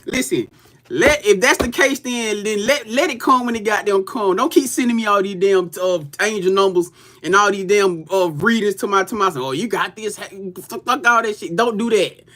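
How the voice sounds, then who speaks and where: High-voiced man cursing casually on a live tarot stream. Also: moderate pace, sharp tone. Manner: loose, profane, talks straight to viewers with bursts of laughter. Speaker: tarot reader on a livestream. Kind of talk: casual livestream chat.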